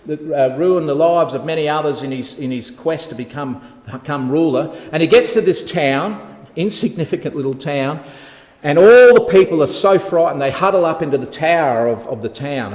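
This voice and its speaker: A man preaching a lively Bible talk, telling the story and quizzing the congregation. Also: fairly high pitch. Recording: echoey hall reverb.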